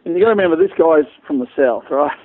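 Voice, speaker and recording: A man's voice: a little high, lively intonation, very fast. A middle-aged Australian man telling rambling stories as a guest in a casual interview, with many restarts. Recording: tinny phone-like line.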